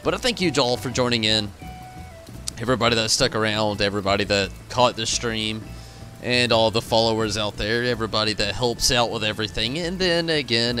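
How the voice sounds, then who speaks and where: A man's voice: fairly low pitch, fairly quick, pushed and bright, faint music behind. A tired, frustrated man signing off his stream, rambling and swearing as he thanks his chat. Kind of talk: casual stream sign-off to chat.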